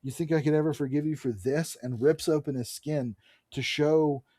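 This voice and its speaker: A man co-hosting a podcast, recapping a comic book in a casual, animated way, reading characters' lines aloud and swearing freely. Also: a little high, normal speed, no room sound, studio quality. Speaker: podcast co-host.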